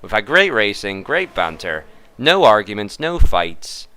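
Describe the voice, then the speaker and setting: A man's voice: on the low side, big pitch swings, measured pace, sharp tone, smooth. A man giving chatty, jokey commentary on a sim race.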